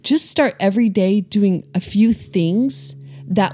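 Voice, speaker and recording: A woman's voice: medium pitch, takes it slowly, mellow, soft background music. A woman in her forties co-hosting a casual chat, talking in an earnest, reflective way. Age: 40s. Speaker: podcast co-host.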